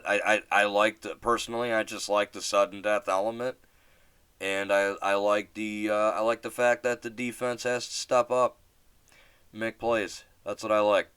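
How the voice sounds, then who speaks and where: Deep-voiced man rambling through a podcast story. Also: flat delivery, moderate pace, a bit bright, clean tone, no echo. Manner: rambling, many fillers and restarts; swears casually, laughs at own story. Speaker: podcast host. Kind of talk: casual solo podcast storytelling.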